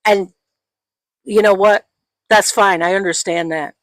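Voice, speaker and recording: A woman's voice: mid-range voice, fairly even intonation, measured pace, a bit bright, dry recording. A Gen X woman co-hosting a casual podcast, ranting with profanity and mocking people in put-on voices. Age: 40s or 50s. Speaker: podcast co-host. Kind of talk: casual political chat.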